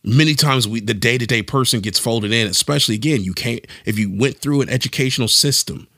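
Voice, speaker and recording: A man co-hosting a talk podcast in an animated, casual style. He thinks aloud, circling back and restarting his sentences as he goes. His voice is mid-pitched and recorded close and dry. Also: a little fast, no room sound. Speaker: podcast co-host. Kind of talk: casual discussion.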